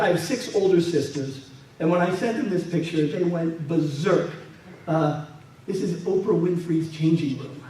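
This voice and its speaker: Guy telling stories with slides at a museum talk, highish mellow voice, mic way off in a really echoey room. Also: recorded from a distance. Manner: storytelling, acts out quoted people. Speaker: guest speaker and military historian. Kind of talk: anecdotal presentation with slides. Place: museum event space.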